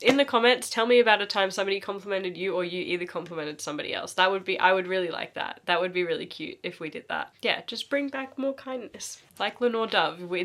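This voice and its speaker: A woman's voice: mid-range voice, a bit bright. A young woman vlogging casually about a book, gushing and emotional as she chats. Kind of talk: casual spoken vlog.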